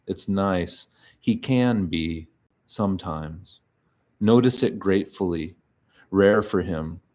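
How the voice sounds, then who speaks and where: A man reads first-person literary fiction in a deep, low voice. He takes his time, leaving pauses between short phrases and keeping the delivery quiet and even. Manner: slow, measured, quiet delivery with frequent pauses.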